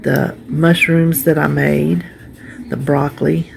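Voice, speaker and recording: A woman's voice: deep voice, level tone, slow, vocal fry. A woman chatting casually to camera as a vlogger, talkative and heartfelt. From North Carolina, USA. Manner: chatty, warm-hearted, trails off and restarts.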